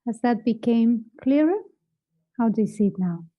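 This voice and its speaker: A woman with a Lithuanian accent leads a self-inquiry session in a calm, encouraging way. Her voice sits a little high but sounds very soft and mellow, and she invites rather than pushes. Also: moderate pace, poor audio. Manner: calm, encouraging, gently prompting.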